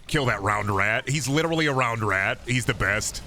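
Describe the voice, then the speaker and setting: A man streaming a video game, chatting casually and profanely with his viewers in an animated way. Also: medium pitch, moderate pace, hardly any pauses, slight background noise. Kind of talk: casual gaming stream commentary.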